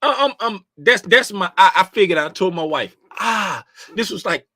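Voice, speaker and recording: Animated, bright-voiced man hosting a livestream. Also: sits high, moderate pace, no echo. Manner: animated, greets chat viewers by name; drops to a hushed, confiding tone at times. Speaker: livestream host. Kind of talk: casual livestream chat.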